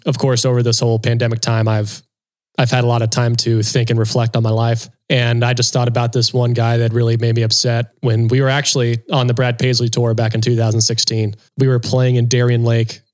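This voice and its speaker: Man, podcast co-host, drummer, storytelling, animated, casual. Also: fairly quick. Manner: animated storyteller, acts out quotes in a higher voice.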